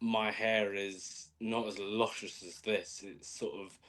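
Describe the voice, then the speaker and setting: A man's voice: lowish voice, fairly even intonation, takes it slowly, fairly bright tone. A man from Australia who lives in England, a podcast guest telling stories in a dry, self-mocking way with lots of fillers. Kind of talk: casual chat. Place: living in England.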